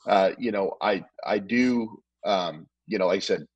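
Brief: male guest, low husky voice, rapid rambling storyteller, dry close sound. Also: dry recording, muffled recording. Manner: rambling, repeats words, quick restarts. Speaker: podcast guest, barbecue pitmaster. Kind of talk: casual storytelling chat.

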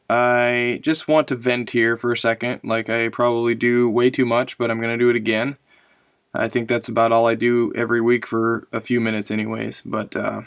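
A man in his thirties talks alone into the mic as the host of his own show, rambling and confessional, often trailing off to reflect. His voice sits at a middle pitch and sounds dry and close, with no room around it. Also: fairly bright tone, dry recording. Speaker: podcast host, father. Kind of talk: casual solo monologue.

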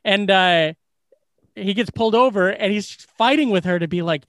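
A man co-hosting a podcast, retelling a film's scenes in a casual, profane, animated way. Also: high voice, normal speed, no echo, clean studio sound. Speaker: podcast co-host. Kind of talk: casual movie recap chat.

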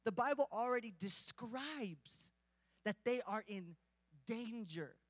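Guy preaching casual, cracks jokes, really high bright voice, dry close mic but long hall reverb. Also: animated, slow pace. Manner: conversational and joking, rising to emphatic preaching. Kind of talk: casual sermon.

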